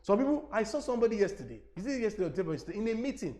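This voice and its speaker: Nigerian evangelist, middle-aged, high voice, lively webinar teacher on a lapel mic, keeps asking if you understand. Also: male voice, racing. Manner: animated, repeats himself, addresses listeners directly.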